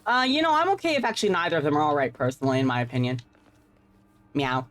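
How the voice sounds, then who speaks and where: A woman's voice: low-pitched, animated, fast, a bit bright. A woman streamer giving playful, profane live gameplay commentary, tacking "meow" onto her sentences. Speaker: game streamer.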